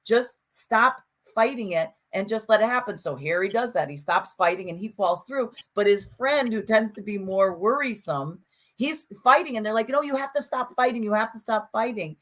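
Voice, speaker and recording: Animated woman co-host chatting. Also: mid-range voice, normal speed. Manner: animated storyteller, frequent restarts and acted-out quotes. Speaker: podcast co-host. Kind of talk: casual conversation.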